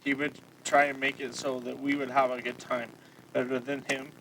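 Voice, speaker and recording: A young man giving a casual spoken tribute to his grandfather at a family gathering, hesitant and full of pauses and fillers. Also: medium pitch, flat delivery, gravelly, fairly bright tone. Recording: distant mic, faint background noise.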